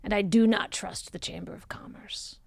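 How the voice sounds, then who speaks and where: A woman voicing a bossy, scheming female boss with a shrill, loud voice in a tabletop game. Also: fairly even intonation, normal speed, gravelly, no room sound, in a whisper, studio quality.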